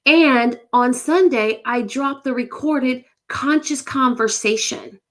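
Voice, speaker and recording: Fairly high-voiced woman, emphatic, talks straight to viewers on a live-stream motivational talk. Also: takes it slowly. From United States. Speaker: host of a live motivational show.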